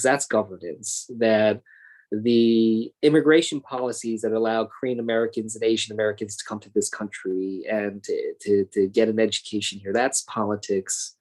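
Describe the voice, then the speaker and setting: A man's voice: on the low side, darkish tone. A man in his thirties speaking as a congressman and guest in a panel conversation, earnest and thoughtful, with frequent fillers and restarts. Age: 30s.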